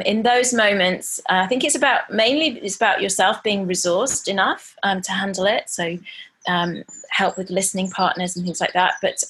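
A woman co-hosting a parenting podcast, speaking thoughtfully and haltingly, with many pauses and restarts. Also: fairly low pitch, a bit bright. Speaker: podcast co-host. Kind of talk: casual parenting chat.

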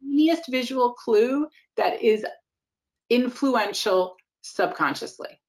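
A woman casting director answering interview questions in an animated, emphatic way, with quick asides. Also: fairly high pitch. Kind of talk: casual interview talk.

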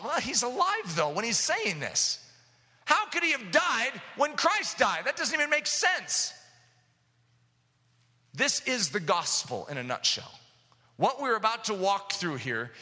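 A man preaching a sermon, impassioned, with sudden loud outbursts, recorded in an echoey hall. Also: high-pitched.

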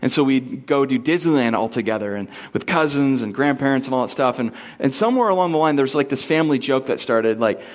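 Animated and fast with few pauses, this man in his thirties recounts a family story from the pulpit. He breaks casually into high, squeaky voices to impersonate people.

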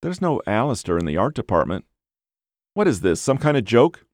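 A man's voice: mid-range voice, sing-song, moderate pace, dry recording, clean studio sound, pitched above the performer's own voice, lightly acted. A man doing a startled receptionist woman. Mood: puzzled. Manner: startled, incredulous. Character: puzzled young woman receptionist.

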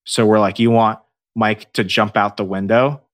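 Low-voiced man swearing through a ghost story. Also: normal speed. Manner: profane, animated storyteller acting out dialogue. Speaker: podcast guest, paranormal investigator. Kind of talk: casual storytelling.

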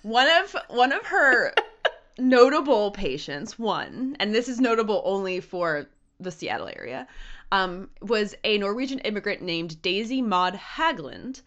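A woman co-hosting a podcast, telling a dark story in a casual, profane, jokey way. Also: medium pitch, very animated, unhurried.

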